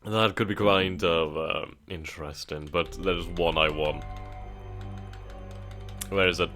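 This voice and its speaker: Deep guy doing a let's-play, reads menus out and mulls choices, bit of music underneath. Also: fairly even intonation, slow pace. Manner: reads on-screen text aloud, thinks out loud with hesitations. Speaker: gaming channel host. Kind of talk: casual let's-play commentary.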